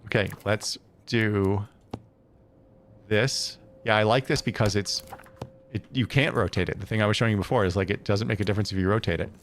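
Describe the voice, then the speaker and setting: Casting: lowish male streamer, muttering through builds, faint rumble behind. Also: fairly even intonation, fairly quick. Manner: thinks aloud, hesitant, self-correcting. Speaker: streamer building a game base. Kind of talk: casual live-stream chat.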